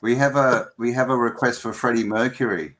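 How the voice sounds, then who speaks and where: A man's voice: mid-range voice, fairly even intonation, a little fast, fairly bright tone, a little hiss or hum. A man hosting a casual live stream chat, joking around, laughing often and attempting accents.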